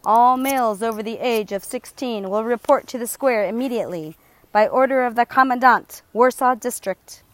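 A woman's voice: fairly high pitch, normal speed, no echo, voice pushed up, natural voice. A woman voicing a stern male SS officer who barks commands through a bullhorn in a storybook reading. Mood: commanding.

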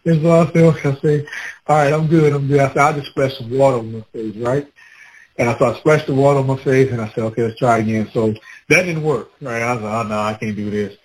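A man with children telling a personal story in a casual, animated way, acting out his own past words with laughter. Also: mid-range voice, quick pace, poor audio. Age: adult with children.

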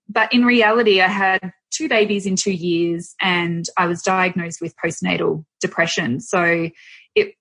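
A husky woman in her thirties speaks as an interview guest. She talks in a relaxed, reflective way, often pausing on "um" as she thinks aloud. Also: on the low side. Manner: open and reflective, with frequent um fillers. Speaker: guest, nutritionist and wellness coach. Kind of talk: casual podcast interview.

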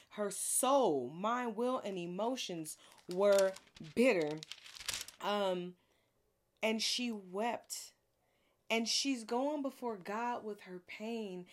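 Slow, earnest woman preaching. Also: a little high. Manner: earnest and conversational, with dramatic pauses. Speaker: podcast host teaching a Bible series. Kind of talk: devotional teaching.

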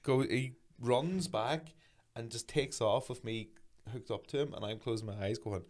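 A man in his thirties, telling a sweary, animated anecdote in casual chat as a podcast co-host. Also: mid-range voice, normal speed.

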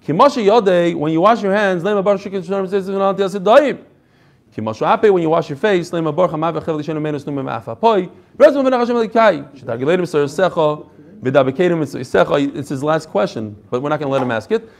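A man's voice: on the high side, expressive, fast. A male Torah teacher giving a classroom lecture, reading each phrase and then explaining it with energy, adding chatty asides and jokes.

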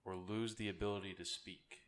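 Casting: laid-back male podcast co-host with a low voice. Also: steady tone, fairly quick. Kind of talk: casual chat.

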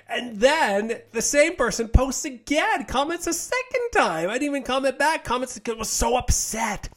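A man's voice: high-pitched, sing-song, normal speed, fairly bright tone. A man who is a health coach, ranting on his podcast in a blunt, profane, mocking way. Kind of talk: casual podcast rant.

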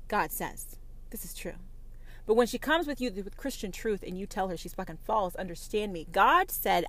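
Bright-voiced woman on a fierce profane rant. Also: medium pitch, lively intonation, normal speed, no room sound. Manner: profane, confrontational, repeats emphatic denials. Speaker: self-described prophetess. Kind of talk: impassioned religious rant to camera.

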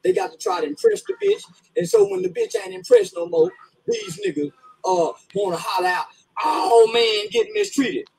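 A man's voice: extremely high pitch, very animated, brisk, vocal fry, a little mellow, a little hiss or hum, low-quality recording. A man ranting profanely and comically, laughing and half-crying through his words. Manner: rants, laughing as he talks. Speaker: commentator in a played clip.

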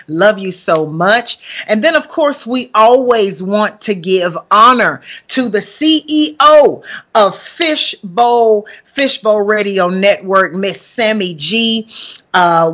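Southern-accented woman in her forties, upbeat broadcast host, mid pitch. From Alabama, US. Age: 40s. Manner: chatty, warm greetings to listeners, upbeat. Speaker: host and pastor. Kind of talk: casual live broadcast chat.

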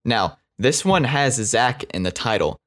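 A man's voice: mid-range voice, a little slow. Playful young man teasing friends. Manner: playful, teasing deadpan banter. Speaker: podcast co-host. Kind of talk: casual chat.

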